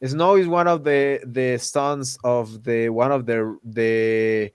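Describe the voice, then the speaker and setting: Animated man ranting. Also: mid-range voice, takes it slowly, clear, resonant tone, no room sound. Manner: animated, indignant, many restarts. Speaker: host. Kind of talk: casual podcast rant.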